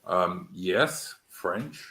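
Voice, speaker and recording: A man's voice: low-pitched, animated, drawn-out words, a loud crowd. A man with a Cockney accent hosting a casual online panel chat, blunt and opinionated, often cutting in. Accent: London Cockney. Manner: opinionated, interrupts. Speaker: host. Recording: echoey room.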